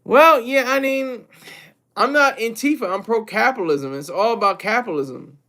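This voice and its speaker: High-voiced rambling male streamer. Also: animated, moderate pace, bright, forceful tone. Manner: rambling, repeats and corrects himself. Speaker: streamer and commentator. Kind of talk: live stream commentary reading chat.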